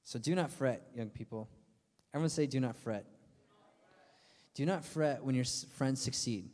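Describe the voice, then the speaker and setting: A man's voice: medium pitch, normal speed, a little mellow. A young man preaching to a youth group as their pastor, talking casually with lots of fillers and playful asides. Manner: casual and chatty, full of fillers, acting out friends' voices for laughs. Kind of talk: youth sermon. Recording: long hall reverb.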